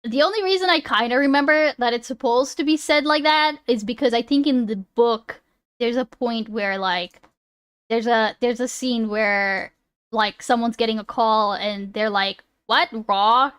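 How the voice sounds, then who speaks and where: A woman's voice: a little high, normal speed, a bit bright, clean tone, dry recording, clean studio sound. A woman streamer chatting casually, swearing and laughing as she fumbles over a word. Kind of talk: casual live-stream chat.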